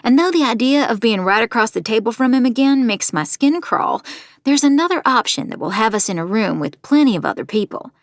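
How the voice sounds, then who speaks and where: A woman's voice: on the high side, expressive, dry recording, clean studio sound, close to an everyday voice. A woman voicing a determined true-crime podcaster. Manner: measured, confiding storytelling. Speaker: narrator. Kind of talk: first-person audio drama narration.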